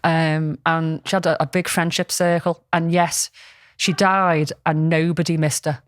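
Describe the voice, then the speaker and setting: A woman's voice: deep voice, level tone, measured pace, dry recording. Chatty woman telling a story. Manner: chatty, rambling, lots of ums and restarts. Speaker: podcast co-host. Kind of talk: casual podcast storytelling.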